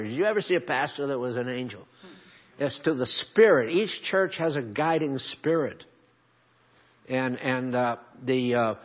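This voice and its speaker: A man preaching a sermon as pastor, shifting between quiet asides and loud, emphatic climbs. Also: a little high. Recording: dull lo-fi sermon recording.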